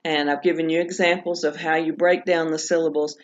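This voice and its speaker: A woman teaching pronunciation in a recorded lesson, patiently walking through examples and repeating each one slowly. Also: low voice, flat delivery. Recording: dull lo-fi recording.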